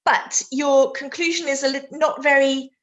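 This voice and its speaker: British female tutor, high-pitched and chatty, live online essay feedback. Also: fairly even intonation, moderate pace, highs cut off. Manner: chatty, laughs easily, reads chat aloud mid-sentence. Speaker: IELTS teacher.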